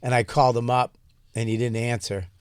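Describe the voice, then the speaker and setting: A man's voice: mid-range voice, fairly even intonation, fairly quick, clear, resonant tone, no echo. A man with a mid-range voice guesting on a podcast, telling stories in a brash, swearing way and laughing often. The sound is close and dry, with no room in it. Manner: brash, profane storyteller who laughs often. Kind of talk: casual comedic chat.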